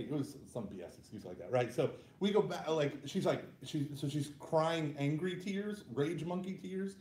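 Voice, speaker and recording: A man's voice: a little high, moderate pace, few pauses, echoey room. A man, telling funny self-mocking stories to a group as a youth minister. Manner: self-deprecating, animated, laughs at own stories. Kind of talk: humorous personal storytelling talk.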